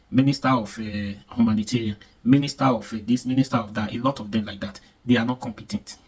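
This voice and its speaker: A man's voice: mid-range voice, husky, far from the mic, low-quality recording. A man with a Nigerian accent giving emphatic, repetitive commentary, mixing in pidgin expressions. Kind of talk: casual commentary.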